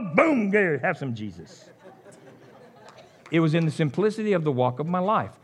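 A middle-aged man, preaching a sermon, full of animated storytelling, jokes and asides. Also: on the high side, brisk, husky. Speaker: pastor.

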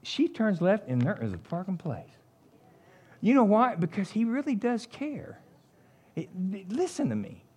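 This is a preacher giving a loose, conversational sermon in a fairly high voice. He talks like a neighbor telling stories, folksy and lively. His pitch swoops widely, climbing into bright exclamations and then sinking into low, confiding asides. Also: a little slow, breathy edge. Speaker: pastor.

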